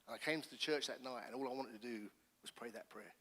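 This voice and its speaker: A middle-aged man, a pastor, giving his testimony in church with earnest, animated storytelling. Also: medium pitch, fast talker, breathy edge. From England. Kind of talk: personal testimony sermon. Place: church hall. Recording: long church hall reverb.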